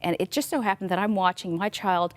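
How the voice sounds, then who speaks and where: A woman's voice: mid-range voice, fairly even intonation, fairly quick. A middle-aged woman, a guest author, recounting her experience with earnest, reflective storytelling in a faith talk show interview.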